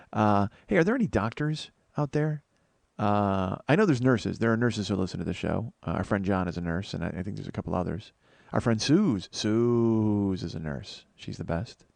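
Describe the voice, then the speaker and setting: A man's voice: fairly low pitch, animated, moderate pace, vocal fry, a little mellow, no room sound. A sleep-deprived man hosting a comedy podcast, rambling in a self-deprecating monologue full of swearing and restarts. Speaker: podcast host.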